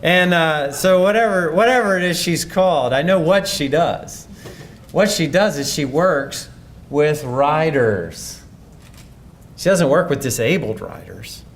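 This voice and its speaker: A man's voice: a little high, expressive, measured pace, a little hiss or hum. A man giving a conference presentation in a conversational, thoughtful way, often restarting his sentences. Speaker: speaker.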